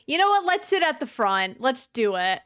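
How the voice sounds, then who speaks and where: Woman game streamer, joking live commentary, slightly high voice. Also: very animated, moderate pace, fairly bright tone, smooth. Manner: playful, joking asides.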